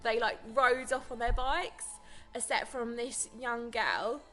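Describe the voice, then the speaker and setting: Talking to camera in a relaxed vlog, a young woman from Britain rambles through her stories. She speaks slowly with fairly even intonation, and her fairly high voice has a sharp edge.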